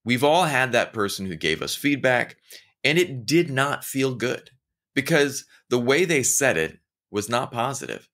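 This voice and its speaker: A man's voice: mid-range voice, measured pace. A man giving a casual motivational talk. He speaks straight to the listener and tells stories, often acting out the voices of the people in them. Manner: animated storytelling, acting out quoted voices; conversational, addresses listener directly.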